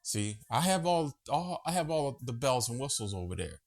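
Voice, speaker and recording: A man's voice: medium pitch, sing-song, normal speed, creaky. A man hosting a casual monologue vlog from home, chatty, profane and easily sidetracked. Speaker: vlogger host.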